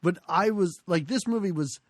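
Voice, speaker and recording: A podcast co-host retelling movie scenes in a playful, self-mocking way, quick to laugh. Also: mid-range voice, dry recording, clean studio sound. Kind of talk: casual movie discussion.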